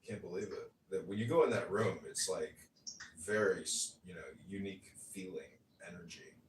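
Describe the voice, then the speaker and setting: A man's voice: low voice, moderate pace, distant mic, a little hiss or hum. A man with a Chicago accent hosting casual banter in a nasal, teasing way. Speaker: host. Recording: echoey room, off mic.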